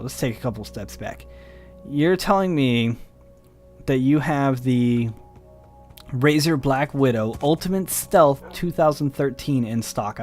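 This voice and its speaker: A tired young man telling a rambling story in a casual way while he plays a game, acting out both sides of the conversation. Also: medium pitch. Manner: rambling, animated, mimics the other side of the conversation. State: tired, yawning. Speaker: gaming video host.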